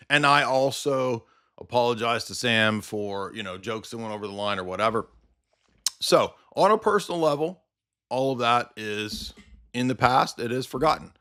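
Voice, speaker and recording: A man's voice: medium pitch, fairly bright tone, clean tone. A man hosting a livestream, ranting in a combative, sarcastic commentary style. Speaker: livestream host.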